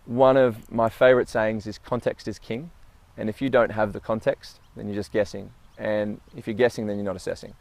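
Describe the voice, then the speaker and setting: Man, low gravelly voice, dry close sound, casual reflective storytelling with fillers. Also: level tone, a little fast, a little mellow, no room sound. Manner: storytelling, acts out quoted dialogue; filler-heavy, repeats words. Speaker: speaker sharing personal reflections.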